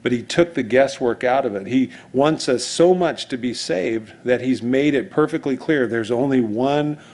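A male pastor giving a relaxed, conversational sermon. He tells it like a story, wandering into asides and restarting sentences as he goes. His voice sits at an ordinary middle pitch for a man. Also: normal speed.

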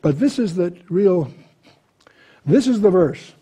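A man's voice: high-pitched, expressive, slow pace, mellow, slightly rough. A man teaching verse by verse through a Bible passage, reading scripture aloud with lifted emphasis and explaining it conversationally with frequent restarts. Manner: restarts and repeats words while thinking.

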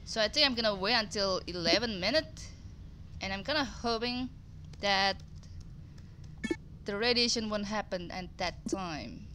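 A woman's voice: mid-range voice, animated, a little slow, pauses often, sharp tone, a little hiss or hum, poor audio. A woman giving thinking-aloud commentary on her game run, nervous and hesitant, muttering her plans to herself. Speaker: gameplay commentator.

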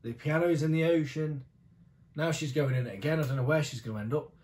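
A man's voice: fairly high pitch, fast, a little mellow, echoey room. A young British man reacting to a music video, gushing and exclaiming as he is overwhelmed, with some swearing. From Britain.

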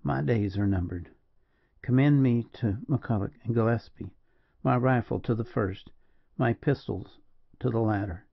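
A man voicing a dying noble soldier who speaks faintly and haltingly. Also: mid-range voice, vocal fry. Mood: solemn. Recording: dull lo-fi dry recording.

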